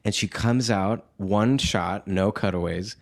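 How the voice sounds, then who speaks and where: A man in his thirties, a guest in a casual interview, telling stories in an animated way, acting out quotes and laughing often. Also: lowish voice, a little slow. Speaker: guest actor.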